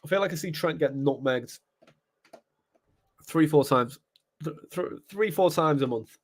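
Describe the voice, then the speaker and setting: Young scouse guy rambling over a live match stream, slightly high voice, dry close sound. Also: measured pace, no room sound. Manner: rambling, excitable, sings chants. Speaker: fan streamer. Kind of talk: casual live match commentary.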